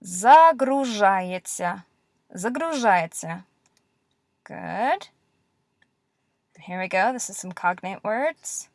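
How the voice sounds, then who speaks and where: A woman teaching Russian letters in a classroom-style lesson, patient and encouraging, repeating words slowly. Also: medium pitch, very animated, dry recording, studio quality.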